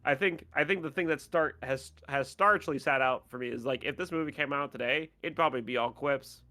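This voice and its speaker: Man, bright tone, sarcastic ranting podcast talker. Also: mid-range voice, fairly quick. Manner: sarcastic, mock-outraged rants. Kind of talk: casual podcast chat.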